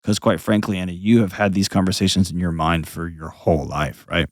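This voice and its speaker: A man's voice: low voice, fairly even intonation, fairly quick, no room sound, clean studio sound. A man hosting an advice call-in show, talking bluntly and painting vivid scenes as he coaches a caller. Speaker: host.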